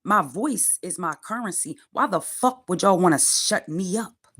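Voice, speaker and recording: A woman's voice: on the low side, lively intonation, a little slow, a bit bright, slightly rough. A woman in her forties ranting on a livestream from her car, profane, defiant and preachy. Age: 40s. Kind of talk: angry livestream rant.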